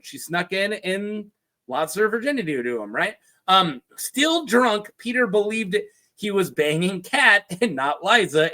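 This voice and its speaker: A man casually retelling fantasy lore as a video host, chatty and joking with quick asides. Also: high-pitched, bright, forceful tone. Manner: chatty, jokey asides with put-on quote voices.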